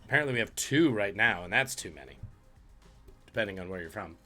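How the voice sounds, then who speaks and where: A man's voice: fairly low pitch, animated, fast, pushed and bright, faint music behind. Jokey man hosting a streamed trivia quiz. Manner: jokey, reads out questions and chat guesses. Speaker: trivia host.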